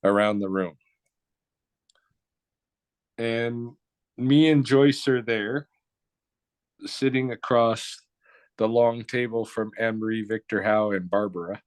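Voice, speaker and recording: A man's voice: fairly low pitch, steady tone, takes it slowly, long pauses, smooth, no room sound. Blunt, profane man telling a story. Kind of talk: casual spoken storytelling.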